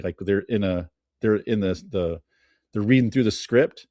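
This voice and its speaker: Lower-voiced man telling film trivia, dry. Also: normal speed, darkish tone, no room sound. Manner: enthusiastic storyteller sharing film trivia. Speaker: podcast guest. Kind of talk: casual chat.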